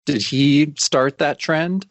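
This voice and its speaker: A man co-hosting a podcast, chatting casually and retelling scenes in a relaxed, agreeable way. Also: a little high, slow, no echo. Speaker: podcast co-host. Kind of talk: casual chat.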